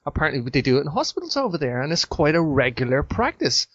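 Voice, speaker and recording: A man hosting a casual podcast chat, telling stories with sudden high-pitched outbursts of disbelief. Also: very animated, fast talker, a bit bright, no echo. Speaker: podcast host. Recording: muffled lo-fi dry sound.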